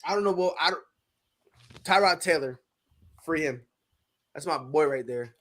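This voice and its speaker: A man hosting a sports talk show, joking loudly and acting out little scenes as he argues. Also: on the high side, normal speed, long pauses. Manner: loud, joking, acts out voices. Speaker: show host.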